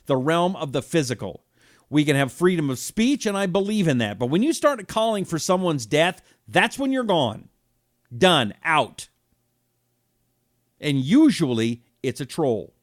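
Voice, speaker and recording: A man in his fifties hosting a political talk show, reading viewer comments and reacting with indignation, dropping to a hush and then rising loud. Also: on the high side, no room sound, studio quality. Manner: heated and indignant, swings from hushed to loud.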